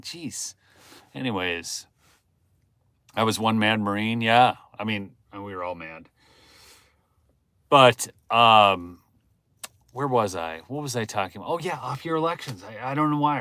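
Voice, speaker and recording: A man hosting a rambling political livestream. He talks straight to his viewers and asks the chat questions, swinging from low muttering to loud exclamations. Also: normal speed, no echo, clean studio sound. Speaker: livestream host.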